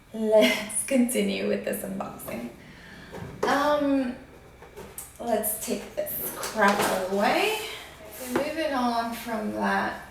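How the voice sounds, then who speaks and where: A woman talking through an unboxing vlog in a casual, annoyed, complaining way, with many fillers. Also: medium pitch. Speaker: vlogger. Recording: very echoey room, voice from a distance.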